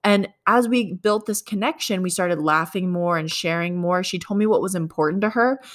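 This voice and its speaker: A woman's voice: on the low side, moderate pace. Chatty woman telling a sales story. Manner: conversational, acts out both sides of dialogue. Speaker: apartment leasing agent.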